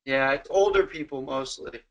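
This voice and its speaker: A man's voice: medium pitch, normal speed, vocal fry, muffled recording. A man co-hosting a podcast in casual chat, bantering bluntly and swearing. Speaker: podcast co-host.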